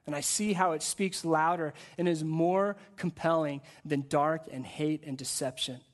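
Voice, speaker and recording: A man preaching a sermon to a church service, in an energetic, conversational way with frequent repeated words. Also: a little high, a little slow. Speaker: guest pastor.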